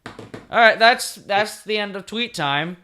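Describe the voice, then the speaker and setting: Excitable rambling guy co-hosting. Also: sits high, measured pace, clean tone. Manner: rambling, excitable, often restarts sentences. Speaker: podcast co-host. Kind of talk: casual podcast chat.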